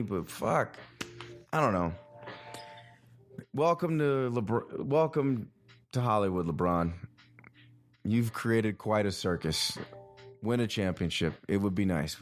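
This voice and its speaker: A man hosting a podcast in a rambling, excitable, profane casual chat. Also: on the low side. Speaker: podcast host.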